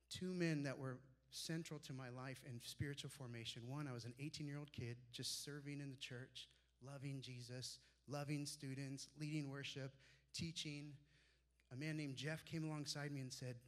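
A pastor in his forties preaching a sermon. He tells personal stories and drops soft and low when he quotes his mentors. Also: fairly even intonation, moderate pace.

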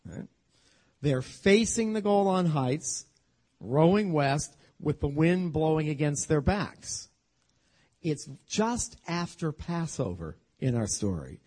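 Animated husky male Bible teacher. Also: fairly high pitch, slow pace. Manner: animated, humorous storytelling with acted-out quotes. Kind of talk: storytelling sermon.

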